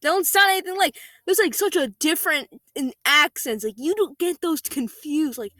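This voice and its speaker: A woman's voice: sits high, moderate pace, bright, forceful tone, dry recording. A woman reading an online story aloud in a casual, chatty way, breaking into exasperated rants full of "like". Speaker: story reader.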